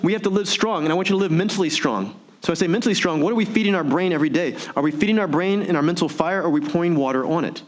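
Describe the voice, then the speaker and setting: A man giving an energetic motivational keynote, full of rhetorical questions and audience prompts. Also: a little high. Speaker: motivational speaker. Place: virtual meeting event.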